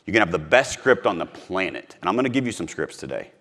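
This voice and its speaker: A man's voice: sits low, very animated, quick pace, a bit bright. A man from Missouri giving a live sales training talk to a room, emphatic and repeating his key points.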